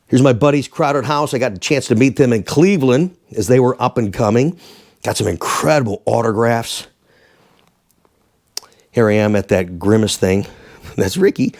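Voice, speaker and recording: A man in his sixties, a former radio DJ and host, telling rambling, animated anecdotes casually. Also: mid-range voice, moderate pace. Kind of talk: casual storytelling.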